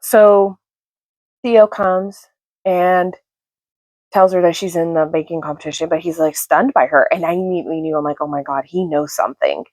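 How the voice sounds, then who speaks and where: A book vlogger in her thirties chats casually in a fairly low, darkish voice with fairly even intonation and normal speed, with no room sound. She gushes with plenty of fillers, whispering at first so she won't wake her household.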